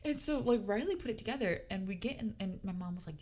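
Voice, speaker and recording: Young woman, podcast co-host, animated storyteller, casual chat. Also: mid-range voice, fast talker. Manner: animated storyteller, acts out quotes.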